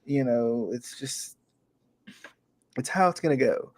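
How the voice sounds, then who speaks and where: A man hosting a wrestling podcast in casual chat, rambling and correcting himself as he gets excited. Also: mid-range voice, slow pace. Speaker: podcast host.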